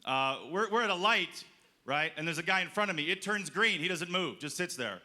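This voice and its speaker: This stand-up comic is telling a story at a festival show, voicing the people in it as he goes. He speaks a little fast, with a high, expressive, sharp-toned voice, while the audience laughs amid the noise of a live club.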